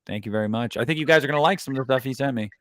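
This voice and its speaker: A man's voice: medium pitch, racing, fairly bright tone, no echo. A man hosting a livestream in casual chat, rambling with many fillers and restarts. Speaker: livestream host.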